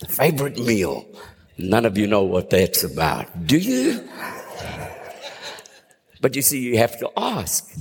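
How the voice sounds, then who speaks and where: Animated preaching man in a reverberant hall. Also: slow, creaky, long pauses, breathy edge. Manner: animated, swooping between low hushed and high exclaiming tones. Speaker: pastor. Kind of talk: sermon.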